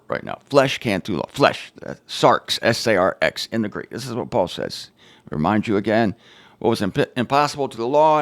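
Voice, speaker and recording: Animated man giving wry Bible teaching. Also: on the low side, no room sound. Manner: emphatic and animated, with wry sarcastic asides. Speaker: Bible teacher and show host. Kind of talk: informal Bible teaching to camera.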